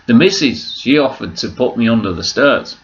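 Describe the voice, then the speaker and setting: A man's voice: mid-range voice, lively intonation, moderate pace, a bit bright, lo-fi sound, a little hiss or hum. A man vlogging at home, rambling through a joking, self-mocking monologue full of swearing.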